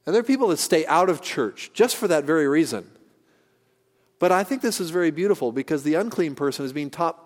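A man's voice: on the high side, darkish tone. Earnest preacher man in a reverberant hall. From San Francisco Bay Area, California. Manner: earnest, conversational preaching with pauses and restarts. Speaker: pastor. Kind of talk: sermon. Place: church sanctuary.

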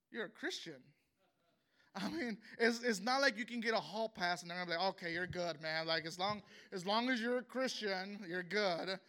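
A man with a high, bright voice tells his personal testimony with raw earnestness. He speaks haltingly, stumbling over and repeating words as he works through it. His delivery is emotional and heartfelt throughout. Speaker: pastor.

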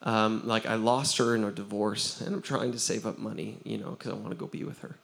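A man's voice: high-pitched, normal speed, a bit bright, pitched above the performer's own voice. A man voicing a big, pushy male street promoter in a sermon story, with insistent, coaxing lines. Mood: tearful.

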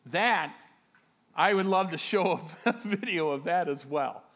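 A man preaching a sermon as pastor, retelling a story with animated excitement and frequent chuckles. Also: high voice. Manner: chuckles often.

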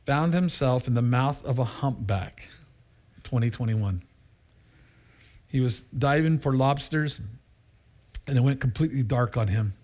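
A male pastor delivering a sermon in a lively storytelling way. His voice sits at an ordinary middle pitch but leaps up when he acts out other people, and he laughs often between lines.

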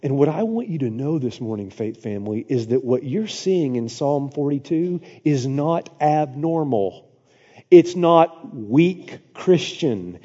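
A man preaching a sermon in a church, dramatic, swinging from hushed to loud with sarcastic asides. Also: mid-range voice, lively intonation, unhurried, slightly rough. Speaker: pastor. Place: church sanctuary. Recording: dull, long church reverb.

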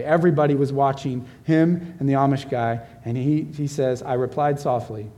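Male pastor, a touch high-pitched, animated sermon storyteller. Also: a little fast, hardly any pauses. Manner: animated storyteller who turns quiet and gentle at the close.

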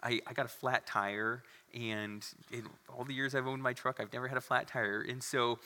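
A man's voice: medium pitch, little pitch movement, normal speed, bright, forceful tone. A man preaching a sermon as pastor, earnest and conversational, with asides to the congregation. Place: church sanctuary. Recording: long hall reverb.

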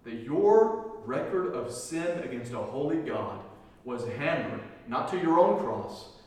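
A man's voice: mid-range voice, big pitch swings, unhurried. Male pastor, emphatic sermon delivery, repeats key lines, recorded from a distance in a big reverberant hall. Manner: emphatic preaching, repeating key phrases, swinging between loud and hushed. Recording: echoey hall from far off.

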